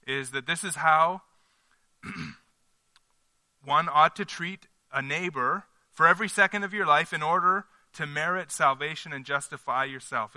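A man's voice: a little high, sharp tone, no echo. A man preaching a conversational sermon at a church service, earnest and emphatic, working through his points as he thinks aloud. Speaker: pastor.

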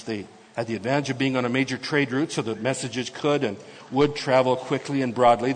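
A pastor with a mid-range voice preaches a sermon on a scripture passage, shifting between quiet asides and loud, emphatic proclamation. A long reverb tail follows his words.

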